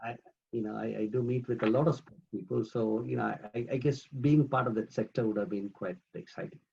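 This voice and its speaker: A man answering interview questions in a relaxed, conversational way, hesitating often with fillers and repeated words over a video call. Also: mid-range voice, brisk, gravelly, breathy edge, lo-fi sound. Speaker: guest, managing trustee of a charity.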